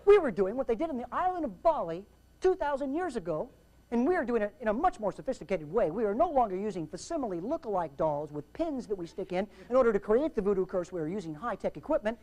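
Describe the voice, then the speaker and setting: A man's voice: high voice, sing-song, fast talker, a little mellow. A man telling a humorous flying story on stage, acting out sound effects and voices as he goes. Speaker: aviation speaker. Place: stage before a live audience. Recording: faint crowd and noise.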